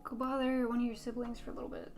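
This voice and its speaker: A woman's voice: on the high side, level tone, rapid-fire, loud music behind the voice. A young woman streaming casually, playfully scolding her pet cat while building kits.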